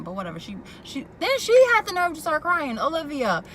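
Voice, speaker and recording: A woman's voice: sits high, a little fast, few pauses. Woman doing a sassy tv recap, noisy background with cars going by. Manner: animated, quoting characters and reacting with sass. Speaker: TV recap vlogger. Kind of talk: casual chat recapping a TV episode.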